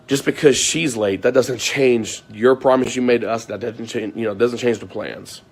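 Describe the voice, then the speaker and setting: A man's voice: medium pitch, fairly even intonation, moderate pace. Aggrieved man ranting to viewers. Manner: aggrieved, repetitive, swears often. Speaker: vlogger.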